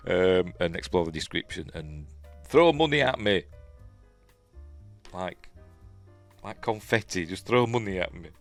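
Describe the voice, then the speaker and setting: A man with a Yorkshire accent and a very low voice hosts a loose, chatty review on his own. He rambles, chuckles to himself and lets sentences fade into mumbles. Faint music plays softly under his voice. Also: animated, unhurried, long pauses, no echo. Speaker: show host and reviewer. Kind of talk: casual solo review.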